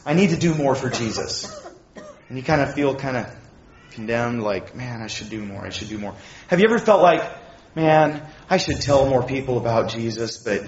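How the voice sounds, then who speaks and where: A man's voice: mid-range voice, roomy sound, muffled recording. Man preaching a casual, story-driven sermon. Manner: conversational, animated storytelling, asks the audience questions. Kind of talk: sermon with personal stories.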